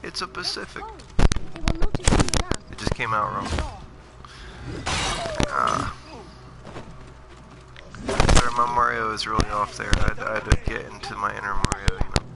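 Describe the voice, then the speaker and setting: A low-voiced man with a gravelly, fry-laced edge chats loosely as he plays, drifting into self-mocking tangents. His talk stays relaxed and jokey. Game music plays clearly behind him. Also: moderate pace, long pauses. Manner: joking, rambling, self-deprecating. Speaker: gaming livestreamer. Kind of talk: casual gameplay commentary.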